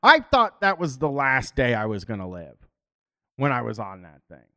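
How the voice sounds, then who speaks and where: A man's voice: mid-range voice, huge pitch swings, normal speed, sharp tone. A man hosting a casual stream, blunt and joking, with frequent swearing. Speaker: stream host. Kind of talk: casual chat.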